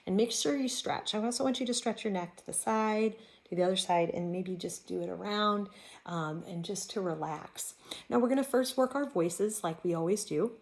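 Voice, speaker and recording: A woman's voice: medium pitch, moderate pace. Woman teaching an online drama class. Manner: clear, encouraging classroom instructions. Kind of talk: recorded online class lesson.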